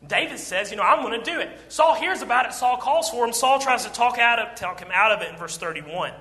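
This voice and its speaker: A man preaching a sermon, retelling a Bible story with lively acted-out quotes. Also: very high voice, brisk. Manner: animated storytelling, acting out quoted lines. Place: church auditorium. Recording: long church hall reverb.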